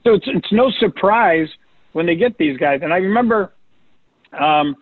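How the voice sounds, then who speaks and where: A man's voice: high voice, expressive, normal speed, no echo. An older man in casual radio sports talk, telling stories and quoting coaches. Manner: storytelling, quotes coaches in a raised voice. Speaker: recruiting analyst guest. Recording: tinny phone-line radio audio.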